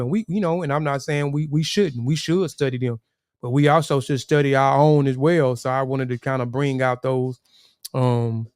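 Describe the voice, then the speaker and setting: A man's voice: mid-range voice, clear, resonant tone, dry recording, clean studio sound. A man hosting a casual livestream, rambling, repeating words and talking to viewers in the chat. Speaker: livestream host.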